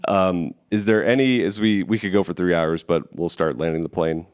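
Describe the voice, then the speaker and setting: A man in his forties co-hosting a casual podcast chat with dry, deadpan humor. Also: deep voice, normal speed, clean tone. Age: 40s. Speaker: podcast co-host.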